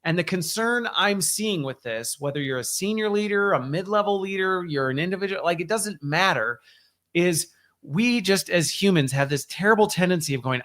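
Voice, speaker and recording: A man's voice: sits high, animated, moderate pace, a bit bright. A man hosting a weekly update show, talking casually and emphatically with frequent restarts. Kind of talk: casual solo commentary.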